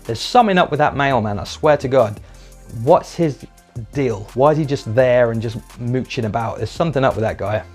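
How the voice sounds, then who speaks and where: A man's voice: medium pitch, a little mellow, faint music behind. Chatty man reviewing an episode. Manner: chatty, enthusiastic, acts out scenes in quick put-on voices; swears casually. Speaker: video reviewer. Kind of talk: casual spoken review.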